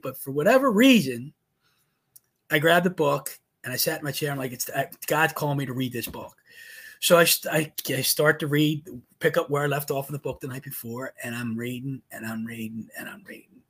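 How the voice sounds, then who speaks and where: A middle-aged man, a father and co-host, telling a personal story in a casual, earnest, animated way, acting out quotes. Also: on the high side, fairly quick, husky.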